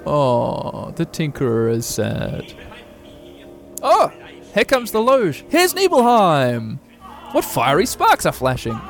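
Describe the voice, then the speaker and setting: Excitable guy rambling over opera music, voice bouncing all over, lots of uhs. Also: a little high, slow, creaky. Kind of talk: live reaction commentary.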